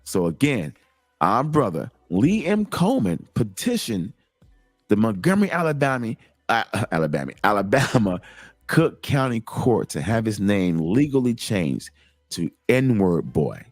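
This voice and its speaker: A middle-aged man hosting a show, telling a personal story in a casual, animated, digressive way. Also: fairly low pitch, a little slow, dry recording. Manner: animated, digressive, lots of repeated starts. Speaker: host.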